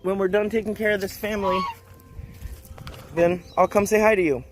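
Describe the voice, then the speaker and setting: A man volunteering at an animal rescue, chatting casually and calling to the animals in high pet-talk and whoops. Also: steady tone, moderate pace. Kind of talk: casual vlog narration and talking to animals. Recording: noisy outdoor background.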